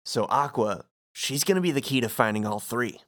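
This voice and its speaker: A calm, serious teenage boy speaks plainly, as a man reads his part. The delivery stays close to an ordinary speaking voice. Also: medium pitch, moderate pace, close to an everyday voice.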